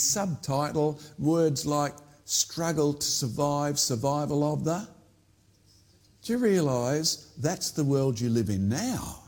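A man talks to the viewer in a lively storytelling way, his pitch rising and falling a great deal. His voice has a husky edge, and he often breaks off to ask the listener a question. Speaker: creationist presenter. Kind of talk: informal outdoor teaching talk.

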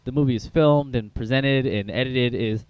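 A young man talks through a film review in a loose, rambling way, full of fillers and restarts. His voice is smooth and clear, recorded dry and a little dull. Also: medium pitch, normal speed, dry recording. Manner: chatty, rambling, lots of fillers. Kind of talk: casual film review chat.

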